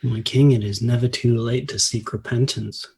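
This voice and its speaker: A man doing a husky solemn priest. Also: mid-range voice, steady tone, normal speed, a little mellow. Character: earnest male priest offering absolution.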